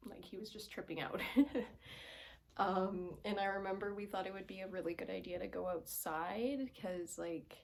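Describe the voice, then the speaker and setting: A young woman vlogger tells a story at home in a casual, rambling way, full of "like" and "um", sometimes dropping to a whisper, on a camera aimed at her face. Her mid-range voice is steady and creaky, at normal speed.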